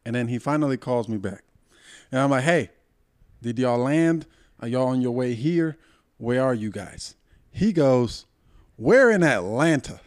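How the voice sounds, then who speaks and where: A man's voice: mid-range voice, a little slow, long pauses, a little mellow, clean tone, no echo, clean studio sound. A young adult man from Puerto Rico, heatedly telling a long, profane story as a podcast co-host. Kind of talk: casual storytelling chat.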